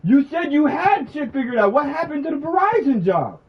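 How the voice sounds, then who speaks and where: A man's voice: extremely high pitch, sing-song, brisk, lo-fi sound, crowd noise. A man streaming who argues angrily and bluntly over the phone, swearing heavily. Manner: angry, blunt, profane. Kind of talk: heated phone argument during a stream.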